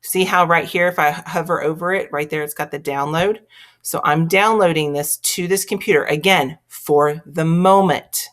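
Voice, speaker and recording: Low-voiced Texan woman teacher. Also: fairly even intonation, normal speed. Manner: chatty, step-by-step, narrating her clicks. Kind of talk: screen-recorded tutorial.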